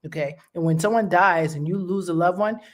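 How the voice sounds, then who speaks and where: A woman host with a lowish voice talks a little fast, speaking straight to her listeners in a casual motivational style. She's direct and encouraging, with lots of fillers.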